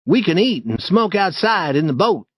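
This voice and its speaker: A bold, eager young boy leading an adventure, as a man puts him on for an audiobook. His voice rides high and swings widely with excitement. The reading is slow and close, in a dry, deadened space. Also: breathy edge, no echo, exaggerated voice. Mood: insistent. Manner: excited, urgent, insistent.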